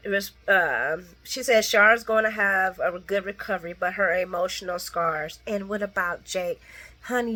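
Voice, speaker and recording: A woman recapping a soap opera in casual late-night chat, blunt and sassy, talking straight to her viewers and acting out characters' lines. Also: bright, forceful tone. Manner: sassy, blunt, talks to viewers as "girl" and "guys"; acts out characters' lines with big pitch jumps.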